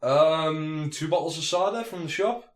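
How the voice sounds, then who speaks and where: A man's voice: on the high side, moderate pace, reverberant. A man co-hosting a casual podcast, teasing his friends and laughing often. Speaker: podcast co-host reading questions.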